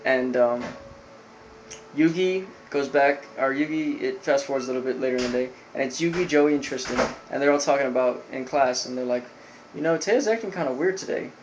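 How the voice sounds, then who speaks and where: A man's voice: medium pitch, steady tone, brisk, dull audio, noisy background. A man reviewing an anime episode, retelling the plot in a loose, rambling way with lots of fillers. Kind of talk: casual spoken recap.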